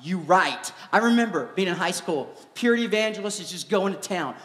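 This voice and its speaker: A man, a former youth pastor, giving a live preaching talk in an animated, joking storytelling manner in a large church hall. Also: sits high, fairly quick. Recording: echoey hall with long reverb.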